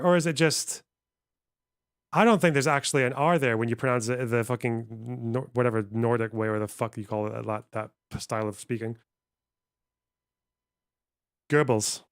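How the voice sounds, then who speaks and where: Male streamer, mid pitch, crisp voice, loose profane chat to viewers. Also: no echo, studio quality. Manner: profane, rambling, reacting to chat. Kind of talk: casual live-stream chat.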